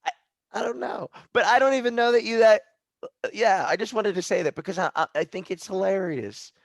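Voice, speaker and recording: A man hosting a podcast, rambling in casual chat while high, swearing and restarting his sentences. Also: brisk, creaky, no echo. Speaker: podcast host.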